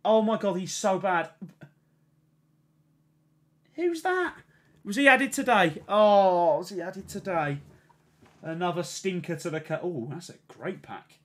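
A man's voice: high voice, expressive, a little slow, pauses often, pushed and bright. A young English man streaming a video game, swearing and swinging between ranting and cheering as he talks to his chat. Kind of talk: live game commentary to chat.

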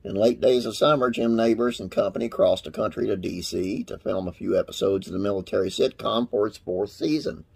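A man's voice: fairly low pitch, fairly quick, creaky, few pauses, darkish tone, slightly rough. A man hosting a classic TV trivia channel, reading facts aloud and wandering into folksy, rambling asides with religious sign-offs.

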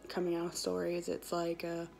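A woman's voice: lowish voice, monotone, moderate pace, gravelly, darkish tone, faint music behind. A woman, telling a personal story in a casual, chatty vlog with lots of quoted dialogue. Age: 20s. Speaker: vlogger.

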